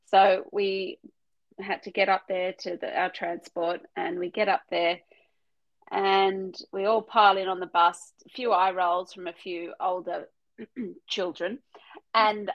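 Woman co-host, mid-pitched, lively, jumps in to continue the story. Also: no echo, muffled recording. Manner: lively, chiming in with laughs. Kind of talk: casual chat.

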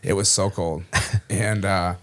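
A man's voice: low-pitched, fairly even intonation, slow. A man from Minnesota, an army veteran, telling a personal story in a casual way, chuckling often and saying "you know" a lot. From Minnesota, USA.

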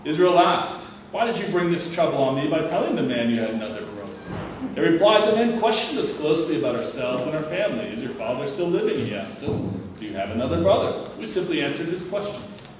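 A man's voice: on the high side, sing-song. Man reading scripture in an echoey room. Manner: measured, plain reading with occasional stumbles and restarts. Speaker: scripture reader. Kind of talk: reading a Bible passage aloud. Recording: very echoey room, distant mic, faint ambient noise.

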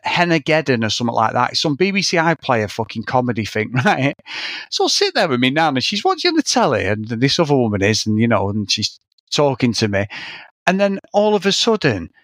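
Sweary, animated British podcast host. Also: male voice, mid-range voice, no room sound. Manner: sweary, rambling storytelling with laughs. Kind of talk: casual chat.

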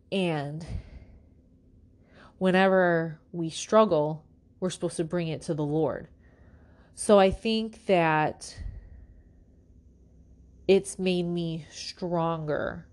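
A woman hosting a podcast, telling her own story of faith and struggle in an earnest, halting way with many restarts. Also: on the low side. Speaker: podcast host. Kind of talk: personal faith testimony.

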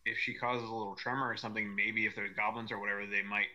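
A man's voice: lowish voice, little pitch movement, quick pace, pushed and bright, muffled recording. A man playing a tabletop game, chatting in a casual, laid-back way. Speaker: player.

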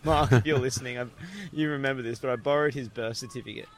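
Young Australian male host, lively yarn-spinner, laughs a lot, mid-range voice. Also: mid-range voice, quick pace, slight background noise. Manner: animated storyteller, laughing often. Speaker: podcast host. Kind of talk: casual chat.

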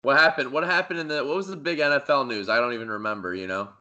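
Bright, excitable young man joking. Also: mid-range voice, quick pace. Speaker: podcast co-host. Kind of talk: casual sports podcast chat.

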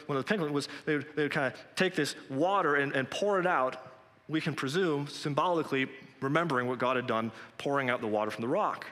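A man's voice: mid-range voice, sharp tone, long reverb tail. A male pastor preaching a sermon in an earnest, conversational way, recorded in a church.

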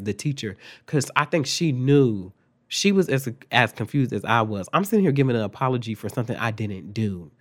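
A young man telling a story from his childhood in a casual, profane, exasperated rant, jumping between loud outbursts and low mutters. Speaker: vlogger.

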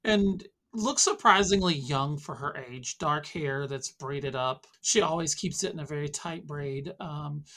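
A woman narrating a tabletop game as game master, descriptive and often pausing on fillers. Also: deep voice, fairly bright tone.

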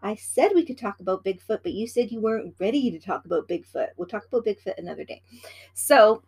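Woman, casual chat, chatty, rambling, teasing, practical advice, mid-pitched voice. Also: expressive, brisk, a little mellow, breathy edge. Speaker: podcast co-host.

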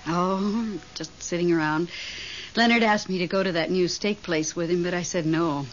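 A woman's voice: fairly low pitch, fairly even intonation, moderate pace, natural voice. An actress playing Melba, a lonely widow devoted to her dead husband, gasping and breathless, in a radio drama. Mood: wistful. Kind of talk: 1970s radio drama acting. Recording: dull old radio broadcast, faint hiss.

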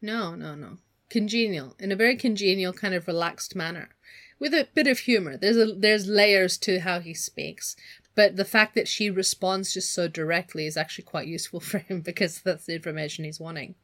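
A woman's voice: lowish voice, moderate pace. Chatty woman co-hosting. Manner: chatty, animated, laughs often, slips into put-on accents. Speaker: podcast co-host. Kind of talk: casual book discussion.

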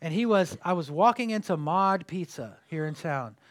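Animated, high-voiced man preaching. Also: normal speed. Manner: conversational, jokey, animated storytelling. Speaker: pastor. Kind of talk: sermon. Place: church sanctuary with congregation.

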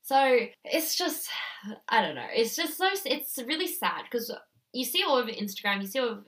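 A woman's voice: on the high side, sing-song, moderate pace, a bit bright. Young woman, podcast co-host, earnest and conversational, long run-on sentences. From Australia. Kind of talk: casual chat.

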